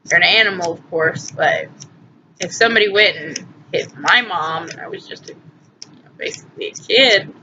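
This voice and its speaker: Bright-voiced woman in her twenties rambling. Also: on the low side, moderate pace. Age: 20s. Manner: chatty, emotional, lots of "anyway" and asides. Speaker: vlogger. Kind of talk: rambling personal storytelling. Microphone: phone. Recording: muffled phone audio with faint hiss.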